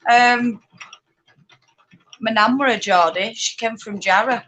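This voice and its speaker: A woman's voice: on the high side, slow pace, a bit bright, rough recording. A woman with a Yorkshire accent hosting a casual live stream, chatting and rambling while answering viewers, laughing often. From northern England. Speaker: spinning vlogger hosting a live chat.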